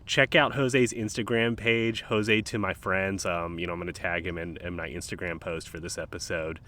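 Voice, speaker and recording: A man hosting a casual nature podcast, talking in a laid-back, rambling way with frequent ums and uhs, recorded outdoors beside calm water in a park. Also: low-pitched, moderate pace. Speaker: podcast host.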